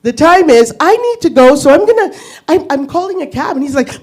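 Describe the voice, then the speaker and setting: A woman in her fifties performs stand-up on a comedy club stage, her high voice swinging widely in pitch as she talks a little fast. She tells a brash, profane story and laughs at her own lines.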